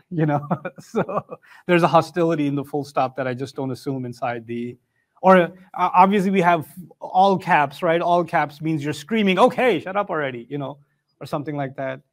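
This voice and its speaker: A man with a fairly high voice delivers a religious lecture, explaining his points with animated emphasis. His talk is conversational yet forceful, and he builds each point step by step. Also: normal speed. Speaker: Quran lecturer.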